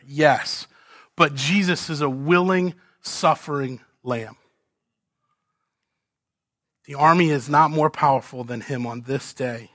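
Male preacher, dry close sound, goes from loud to hushed. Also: on the high side, no room sound. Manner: dramatic swings from loud to hushed, rhetorical questions. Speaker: pastor. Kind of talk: expository sermon.

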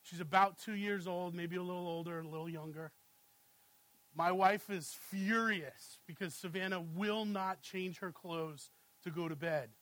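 A man's voice: high-pitched, measured pace, no echo, rough recording. A man in his thirties preaching a sermon in a conversational way, telling family stories and often asking "right?". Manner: conversational, asks "right?" often, animated when storytelling. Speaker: pastor.

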